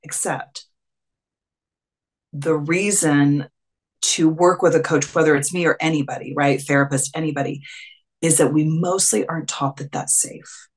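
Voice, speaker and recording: A woman's voice: deep voice, steady tone, moderate pace. A woman coach talking casually as a webinar guest, full of fillers and acted-out quotes. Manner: chatty, filler-heavy, acts out quoted dialogue. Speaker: clarity and confidence coach.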